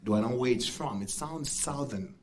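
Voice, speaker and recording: A man's voice: mid-range voice, moderate pace, a little mellow. A man with a South African accent emceeing an event, joking with the audience and laughing often. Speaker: master of ceremonies. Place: event venue.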